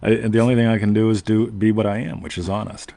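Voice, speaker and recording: Gravelly deep-voiced man. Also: little pitch movement, fast talker, dark tone, no room sound. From United States. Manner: rambling, self-interrupting, frequent "right?". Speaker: podcast host. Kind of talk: casual storytelling chat.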